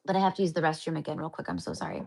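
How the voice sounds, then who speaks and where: A woman's voice: deep voice, sing-song, racing, vocal fry, darkish tone. A woman chats her way through a spiritual healing livestream. She rambles, restarts her sentences and leans on fillers, and she keeps calling her viewers honey and my love. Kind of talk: casual livestream chat to viewers.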